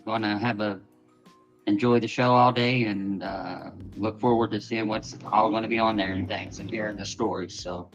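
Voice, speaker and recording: Soft-spoken American man, lo-fi call. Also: lowish voice, steady tone, normal speed, soft background music. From United States. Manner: brief, modest, polite answers. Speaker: guest trader on panel.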